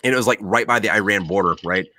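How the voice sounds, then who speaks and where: A man hosting a podcast who is a military veteran, telling profane, animated stories in casual chat. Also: fairly low pitch, fast talker, slight background noise.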